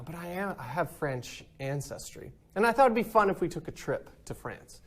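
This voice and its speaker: Male math teacher, upbeat and animated, voice on the higher side. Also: fairly quick, few pauses, slightly rough. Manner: upbeat, checks in with "right?". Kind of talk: recorded math lesson.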